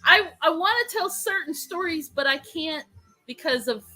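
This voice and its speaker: A woman co-hosting a casual chat, reacting quickly and telling a story in a guarded way. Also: extremely high pitch, animated, soft background music, low-quality recording.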